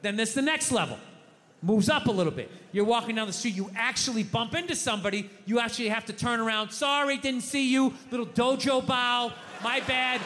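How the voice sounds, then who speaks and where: A man doing a stand-up routine, swinging between low mutters and high shouted rants, heavy with swearing. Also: slight background noise. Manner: profane. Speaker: stand-up comedian. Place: stage in a large echoey venue. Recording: live stage recording with hall echo.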